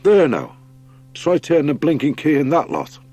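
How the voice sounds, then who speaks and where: A man voicing a quick-witted older female hare, chirpy and practical, in a storybook reading. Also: on the high side, big pitch swings, darkish tone, soft background music, voice pushed up. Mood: brisk.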